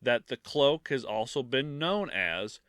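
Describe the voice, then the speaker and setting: Lively bright-voiced man on a podcast. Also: mid-range voice, unhurried, smooth, no room sound, clean studio sound. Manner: laughs often, swears casually. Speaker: podcast co-host. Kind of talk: casual podcast chat, reading notes.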